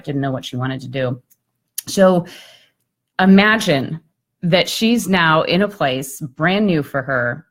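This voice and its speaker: This woman's voice is low-pitched. A speaker and coach, she tells a story on live video chat in an animated, conversational style, often saying "like" and "I mean."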